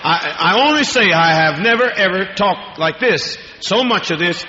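A man's voice: high voice, lively intonation, moderate pace, background noise. A man preaching a fiery, profane, rambling sermon to a congregation in a large hall. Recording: echoey hall, dull lo-fi archival tape.

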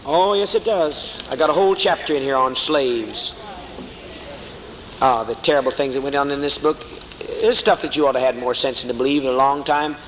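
A man's voice: mid-range voice, a little fast, a bit bright. Fiery preacher man in an echoey hall. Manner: fiery, mocking, calls listeners honey. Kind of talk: sermon. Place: church hall before a congregation. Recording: echoey hall with faint noise.

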